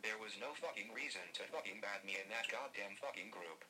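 Male text-to-speech voice, flat machine reading, low-pitched, noisy background hiss. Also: fairly quick. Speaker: screen reader voice.

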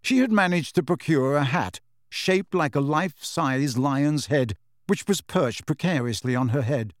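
A man narrating an audiobook in a measured storytelling manner. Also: a little high, lively intonation, dry recording, clean studio sound. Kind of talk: scripted narration.

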